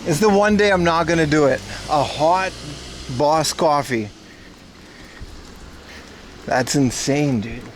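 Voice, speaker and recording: A man with a slightly high voice rambles and jokes with his stream chat while out on city streets. Faint traffic hums behind him. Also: slow pace, pauses often. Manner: joking, loose, talks back to chat. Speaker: livestream host. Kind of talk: rambling casual chat to viewers.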